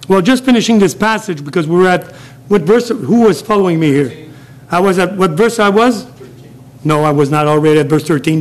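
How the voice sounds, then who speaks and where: A middle-aged man with a Quebec French accent gives an informal sermon in a small café. His voice sits fairly high for a man. He wanders through his points with restarts and frequent chuckles. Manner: chuckles often, rambling with restarts. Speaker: lay preacher.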